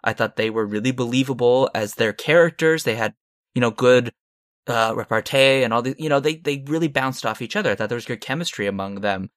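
A man's voice: medium pitch, fairly quick, a bit bright, no echo. Frank, rambling man on a dry mic. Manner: rambling, frank, with short laughs. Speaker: podcast co-host. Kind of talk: casual film discussion.

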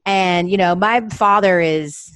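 A young woman from Atlanta, a sports TV anchor telling family stories as a podcast guest, animated and quick to imitate her dad's voice. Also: no echo. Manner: animated, acts out her dad's voice with big pitch jumps. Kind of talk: casual storytelling chat.

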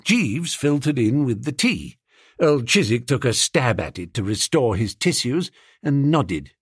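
A man's voice: medium pitch, unhurried, slightly rough, no echo, studio quality. Jaunty male audiobook narrator. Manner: jaunty, animated storytelling. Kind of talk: first-person comic novel reading.

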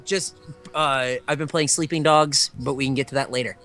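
A man co-hosting a podcast, playful and quick to agree and joke in casual chat. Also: mid-range voice, fairly even intonation, a bit bright, soft background music. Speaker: podcast co-host.

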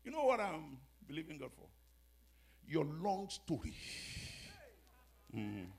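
A male pastor delivers a sermon in a high, husky voice. His pitch swings widely as he moves from hushed storytelling to loud, shouted exhortation. He sounds fervent and animated throughout. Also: slow pace.

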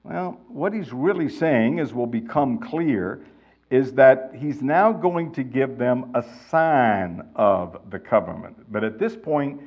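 A man's voice: medium pitch, muffled recording. A male pastor teaching verse by verse, reading passages aloud with emphasis and then explaining them. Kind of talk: expository Bible teaching.

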